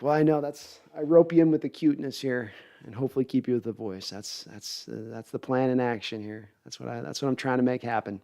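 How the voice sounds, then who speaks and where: A man's voice: medium pitch, fairly quick, a little mellow. A man hosting a sports podcast livestream, chatty and self-deprecating as he reads viewer comments. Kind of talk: casual livestream chat, reading comments.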